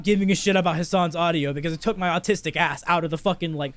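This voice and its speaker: Male podcast host, high on weed, profane rambling ranter, slightly high voice, dry sound. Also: quick pace, few pauses, no echo. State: stoned. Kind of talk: casual podcast chat.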